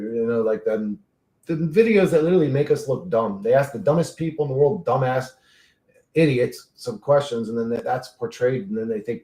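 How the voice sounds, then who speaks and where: Casting: male livestream host, gravelly mid-range voice, loose profane rambling, echoey room. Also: mid-range voice, animated, normal speed, dark tone. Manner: rambling, profane, reads chat aloud. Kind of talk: casual livestream chat.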